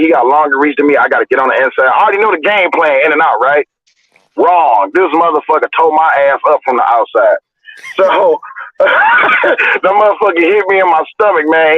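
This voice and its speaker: A man's voice: on the high side, no echo. Man telling stories over a tinny line. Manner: profane, animated storytelling. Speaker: livestream host. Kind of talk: casual storytelling chat. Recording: dry, tinny phone-like audio.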